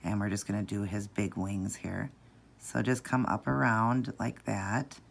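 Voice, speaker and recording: A woman calmly talking viewers through a nail art tutorial step by step, in a patient, instructive way. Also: unhurried, vocal fry. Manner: patient, instructive, low-key.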